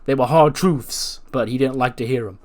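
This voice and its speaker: A man's voice: mid-range voice, steady tone, moderate pace, a bit bright, close to an everyday voice. A man voicing a cocky young male wrestler who brags and mocks his rivals. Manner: boastful, mocking.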